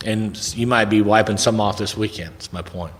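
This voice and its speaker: A man's voice: on the low side, moderate pace. A middle-aged man telling a rambling, folksy recovery story to a room at a recovery event. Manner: folksy, rambling, conversational, drops in "man" and "right?". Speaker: recovery speaker. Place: large hall at a recovery event. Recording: long reverb of a big hall.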